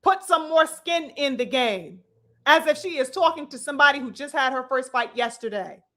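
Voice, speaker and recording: A woman's voice: high-pitched, lively intonation, normal speed, a bit bright. A woman hosting a boxing commentary vlog, ranting in a preachy, mocking way, full of blunt, profane rhetorical questions and calls to her brothers and sisters. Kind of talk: opinionated commentary rant.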